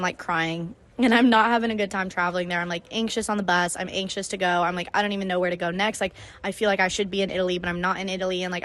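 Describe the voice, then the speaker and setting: A woman's voice: mid-range voice, a bit bright. A young woman hosting her own podcast, chatting casually and emotionally about her travels, with lots of "like" in her speech. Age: young adult. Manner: chatty, emotional, heavy use of "like". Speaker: podcast host. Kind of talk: casual solo storytelling.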